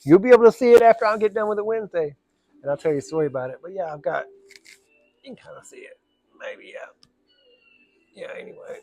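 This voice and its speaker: A man's voice: high-pitched, expressive, fast talker, long pauses, darkish tone, soft background music. A man, telling a rambling, casual story and acting out the voices of the people in it. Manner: rambling, drawling Southern storyteller, acts out voices. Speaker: storyteller vlogger.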